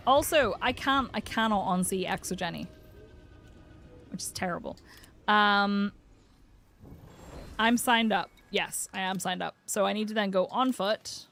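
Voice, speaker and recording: A woman's voice: mid-range voice, unhurried, pauses often, fairly bright tone, faint music behind. A woman live-streaming a video game, chatting casually and reading out chat messages with frequent laughs. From United Kingdom. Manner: chatty, giggly, reads chat aloud.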